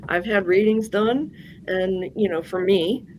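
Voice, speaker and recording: A woman speaks as a guest in an interview, sharing a personal story in a candid, meandering way and often stopping to restart her sentences. Her voice sits at an ordinary middle pitch. A faint hiss of noise stays behind her. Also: a little slow, darkish tone, rough recording. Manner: candid, rambling, with fillers and restarts. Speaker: guest psychic medium.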